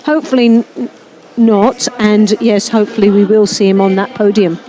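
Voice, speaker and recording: A woman's voice: medium pitch, fairly even intonation, moderate pace, warm tone, slight background noise, low-quality recording. A woman co-commentating live on a judo event, enthusiastic and chatty. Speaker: sports commentator.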